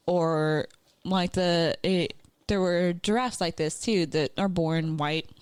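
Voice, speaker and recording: Female podcast co-host, low-ish voice, rambling filler-heavy chat, dry. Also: clean tone, no echo.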